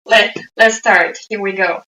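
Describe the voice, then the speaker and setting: A woman interviewer asking questions in a hesitant, halting way. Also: mid-range voice, fairly even intonation, pushed and bright. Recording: roomy, distant audio.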